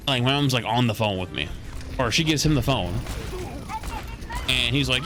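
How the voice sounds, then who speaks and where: A man's voice: mid-range voice, a little fast, pauses often, music in the background. Man heatedly telling a story. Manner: heated, profane retelling. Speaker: streamer. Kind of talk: casual storytelling.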